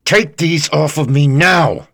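A man's voice: sits low, measured pace, a little mellow, husky, no echo, clean studio sound. A man voicing a bound, panicked male scholar who pleads and argues in a strained, raised voice. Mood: furious.

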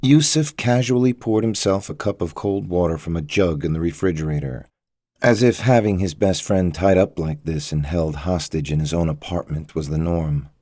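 A man narrating a thriller story in a measured, even storytelling manner. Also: deep voice, no room sound. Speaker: audiobook narrator.

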